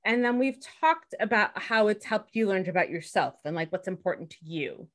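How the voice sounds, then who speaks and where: A woman co-hosting a podcast, asking questions in a measured, teasing interview chat. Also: mid-range voice, lively intonation. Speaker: podcast co-host.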